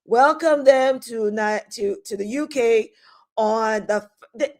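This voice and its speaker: A woman's voice: fairly high pitch, takes it slowly. A middle-aged woman hosting a live stream, chatting casually and greeting viewers by name with frequent laughs. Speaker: host of a live talk stream.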